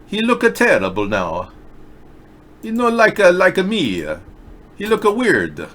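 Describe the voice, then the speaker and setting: A man's voice: high voice, huge pitch swings, unhurried, pauses often, fairly bright tone. A middle-aged man hosting a live video chat show, reading viewer comments and rambling through sarcastic jokes and asides.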